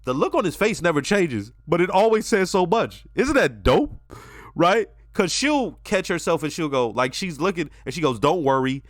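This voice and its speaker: A man hosting a TV reaction channel, giving a casual, animated and profane episode review while talking straight to his viewers. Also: high voice, normal speed, no room sound, clean studio sound.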